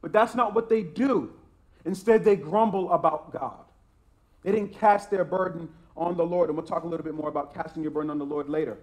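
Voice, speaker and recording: A man's voice: a little high, fairly quick, a little mellow. A man preaching a sermon as a pastor, emphatic and repetitive, with frequent restarts.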